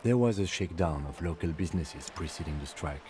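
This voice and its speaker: An actor voicing a calm, methodical police lieutenant in a video game, level and reserved. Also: male voice, low voice, a little fast, slight background noise.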